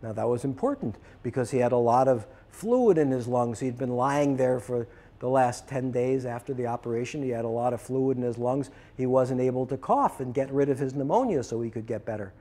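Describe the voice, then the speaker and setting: Animated man telling a story to a class. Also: medium pitch, a little fast. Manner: animated, acts out both sides of the dialogue. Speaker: process work teacher. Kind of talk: storytelling lecture.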